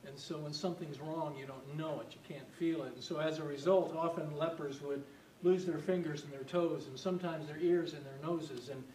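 A man's voice: steady tone, fairly quick, darkish tone. A man preaching a sermon as pastor, talking in a conversational way and asking the congregation questions. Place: church sanctuary. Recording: echoey hall, distant mic, faint rumble.

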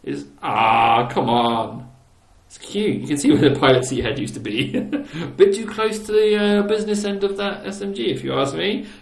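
Man, gaming host, giggly and teasing, slightly high voice, echoey room. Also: expressive, moderate pace, creaky. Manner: giggly, teasing his old builds with playful exclamations. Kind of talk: casual gameplay commentary. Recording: roomy echo.

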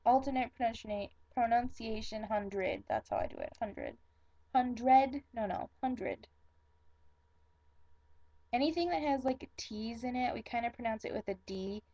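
Slow-talking young woman with a Michigan accent. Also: a little high, very animated, mellow, no echo, lo-fi sound. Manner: chatty, self-conscious, repeating words slowly. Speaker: vlogger. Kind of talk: casual accent tag video.

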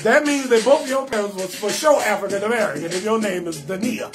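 A man hosting a live comedy stream, shouting out viewers and roasting their names in a loud, sing-song, laughing way. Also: high-pitched, fairly quick, music in the background.

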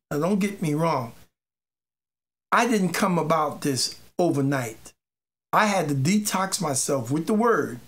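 A faith teacher giving an informal sermon, emphatic and repetitive, mixing personal testimony with exhortation and sometimes stumbling over words. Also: mid-range voice. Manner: emphatic, repeats key phrases, stumbles on words. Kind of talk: informal preaching monologue.

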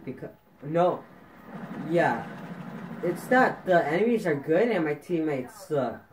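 A man's voice: on the high side, animated, takes it slowly, background noise. A man giving frustrated gameplay commentary while playing a shooter, ranting and repeating his complaints to viewers. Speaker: gaming video host.

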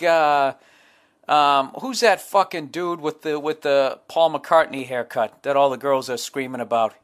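A man's voice: on the high side, a little slow, fairly bright tone, clear, resonant tone. A middle-aged man, hosting a solo podcast, telling profane, rambling comic stories. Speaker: podcast host.

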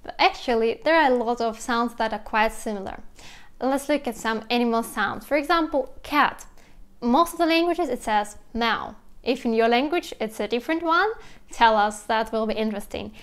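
A young woman with a Russian accent explains sounds in a casual vlog, lively and imitating animal noises as she goes. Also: a little high, normal speed, clear, resonant tone. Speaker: language teacher vlogger.

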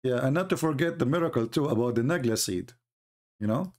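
A man hosting an online talk, speaking as an in a mocking, sarcastic way with lively storytelling. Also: mid-range voice, a little fast. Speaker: online debate host. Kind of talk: casual live-stream commentary.

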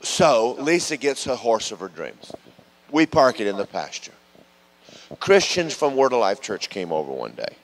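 A man preaching a sermon in a church, telling stories in a lively way that moves between loud calls and quiet asides. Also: medium pitch, normal speed. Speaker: pastor. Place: church sanctuary.

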